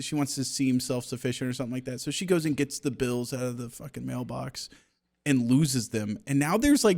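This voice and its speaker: Young male co-host, a bit high-pitched, jokey and quick to laugh. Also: a little mellow. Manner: joking, laughs often, swears. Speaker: podcast co-host. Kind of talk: casual chat.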